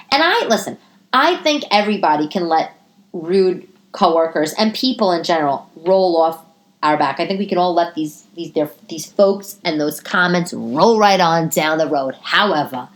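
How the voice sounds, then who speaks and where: A woman hosting a casual solo podcast from her living room, talking in an animated, profane way, with her pitch swinging up into high exclamations. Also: normal speed. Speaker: podcast host.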